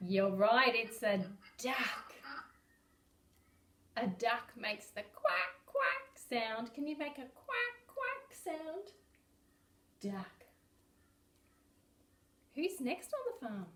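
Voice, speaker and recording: A woman with an Australian accent teaching young children animal sounds, slow and exaggerated, dropping to whispers between animal noises. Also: a little high, wildly swooping pitch, fairly bright tone, far from the mic. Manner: slow, exaggerated, sing-song, drops to whispers. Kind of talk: early-years animal sounds lesson. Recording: echoey room, voice from off-mic.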